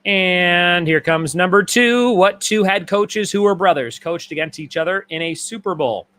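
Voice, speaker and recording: His voice is slightly high, pushed and bright, with no echo, as he hosts a live-streamed trivia night at normal speed. This trivia host lists off questions and answers and repeats them for the players.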